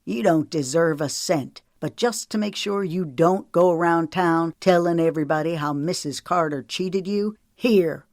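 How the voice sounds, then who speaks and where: A woman's voice: lowish voice, unhurried, few pauses, a little mellow, no room sound, studio quality. A woman voicing a stern, protective man in an audiobook, with a firm, clipped delivery. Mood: contemptuous.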